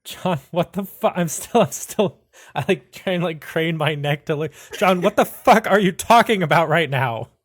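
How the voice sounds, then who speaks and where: A woman playing in a tabletop game, sounding incredulous and quick to laugh. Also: on the low side. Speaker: player.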